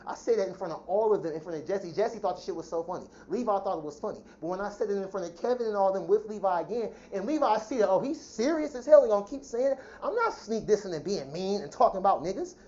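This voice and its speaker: A woman venting in a heated, profane personal rant, talking fast and indignantly about how she has been treated. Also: mid-range voice, expressive, dark tone. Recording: dull lo-fi sound.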